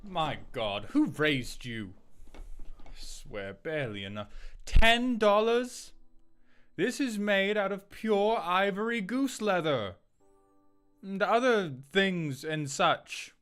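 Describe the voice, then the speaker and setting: A man's voice: sits high, sing-song, takes it slowly, fairly bright tone, clean tone, faint music behind, pitched above the performer's own voice, exaggerated voice. A man voicing a snobbish, scornful rich older British man with a put-on upper-class British accent, drawing out his vowels and tossing out haughty insults.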